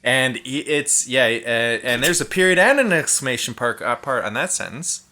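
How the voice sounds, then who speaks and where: A man's voice: mid-range voice, expressive, normal speed, sharp tone. A man co-hosting a casual comedy podcast, reading an online ad aloud with sarcastic asides. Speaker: podcast co-host.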